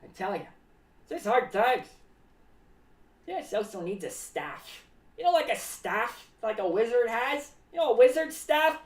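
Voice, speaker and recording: Zany clown, played by a woman, high and bouncy, rambles about himself in the third person, roomy sound. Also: sing-song, measured pace, distant mic. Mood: rambling. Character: rambling eccentric clown, paranoid about cats. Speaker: streamer in clown character. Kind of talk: live-stream clown character monologue. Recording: echoey room, voice away from the mic.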